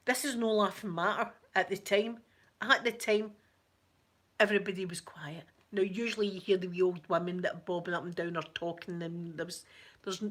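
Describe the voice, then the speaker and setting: A Scottish woman telling a story in casual chat, chatty and animated. She breaks into laughter often and drops into soft asides. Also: mid-range voice. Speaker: ASMR channel host.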